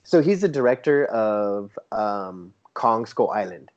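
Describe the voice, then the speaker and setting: Male guest, casual chat, eager storyteller, animated quoted voices, muffled lo-fi recording. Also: fairly low pitch, takes it slowly. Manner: enthusiastic storyteller who quotes others in a lively, raised voice. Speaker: toy photographer guest. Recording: dull lo-fi sound.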